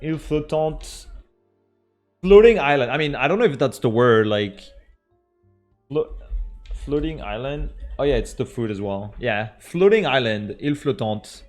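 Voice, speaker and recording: Lively French-accented young man, unhurried chat. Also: medium pitch, faint music behind. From France. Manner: chatty, reads names aloud and laughs at them. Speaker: streamer. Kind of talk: casual live-stream chat.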